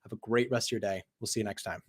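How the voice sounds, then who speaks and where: A man hosting a live trading stream, hoarse from losing his voice, talking casually with many fillers and repeats. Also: fairly low pitch, steady tone, rapid-fire. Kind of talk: live market commentary.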